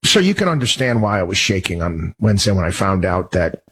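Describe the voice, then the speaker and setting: A man hosting a talk show, talking in a husky, breathy voice. His monologue is indignant and worked up, and it rambles along with frequent restarts and repeated words. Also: deep voice, big pitch swings, brisk, a bit bright. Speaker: radio talk show host. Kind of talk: casual monologue.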